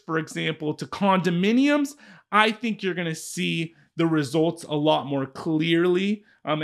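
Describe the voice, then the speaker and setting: A man with a slightly high voice explains a home search in a relaxed, chatty way. He is a real estate agent who keeps checking in with the listener as he goes. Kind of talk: casual explanatory walkthrough.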